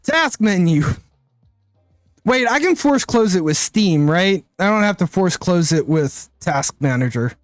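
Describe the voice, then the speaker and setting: A man's voice: high-pitched, very animated, a little slow, dry recording, clean studio sound, soft background music. A man streaming a card game live, thinking aloud in casual commentary and often tagging his lines with "right?".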